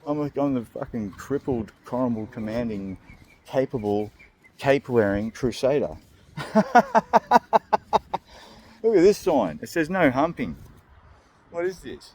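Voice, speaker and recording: A man's voice: medium pitch, lively intonation, normal speed, mellow, a little hiss or hum. Crude joking Australian man. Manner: crude, joking, laughs often. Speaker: vlog host. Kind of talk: rambling comedic vlog.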